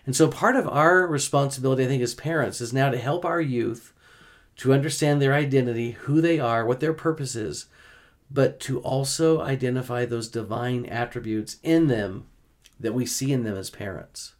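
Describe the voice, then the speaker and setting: Male podcast host, earnest scripture teacher, slows on key words. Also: medium pitch. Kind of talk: gospel discussion podcast.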